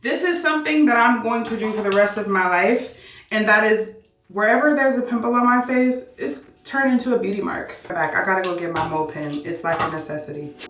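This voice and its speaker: A bubbly woman of thirty chats through her everyday makeup routine and hypes up her own look to her viewers. Her voice sits in a middle pitch range. She sounds a little off-mic in a roomy space with echo. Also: a little fast, a bit bright, recorded from a distance. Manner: bubbly, self-hyping, talks to viewers. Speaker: beauty vlogger. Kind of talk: casual makeup tutorial chat.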